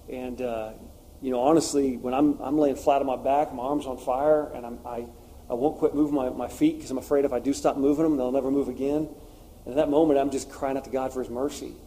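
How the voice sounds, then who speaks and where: A man's voice: mid-range voice, warm tone, a little hiss or hum. A man preaching a sermon, telling personal stories in an earnest, confessional way with frequent fillers.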